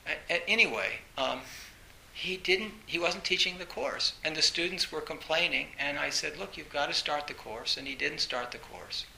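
A man giving a storytelling dharma talk as a meditation teacher, animated, with frequent laughter and many fillers. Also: on the high side, normal speed, creaky. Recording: roomy echo with faint hiss.

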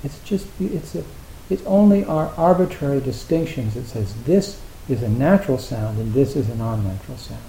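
A man's voice: medium pitch, expressive, moderate pace, dark tone. A man giving a Zen dharma talk, rambling and self-deprecating, with lots of filler words. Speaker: Zen teacher. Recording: echoey hall with faint hiss.

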